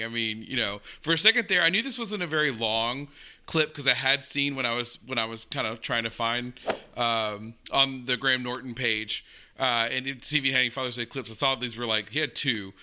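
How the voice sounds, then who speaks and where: Casual American male reaction host, bright and clear, rambling delivery. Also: mid-range voice, brisk. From United States. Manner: chatty, rambling, with many fillers. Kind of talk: casual commentary.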